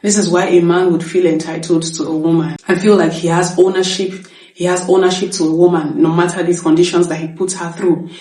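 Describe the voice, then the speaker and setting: A woman's voice: fairly low pitch, dark tone. A woman hosting an opinion commentary, speaking firmly and repeating points for emphasis. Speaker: commentary host. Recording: echoey room, distant from mic.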